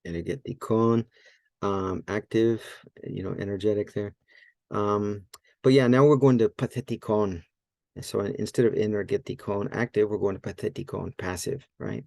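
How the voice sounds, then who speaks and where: A man's voice: lowish voice, normal speed, gravelly, mellow, no echo. A man teaching a Greek grammar lesson in a casual, think-aloud way, often correcting himself and using many fillers. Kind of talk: casual screen-share lesson.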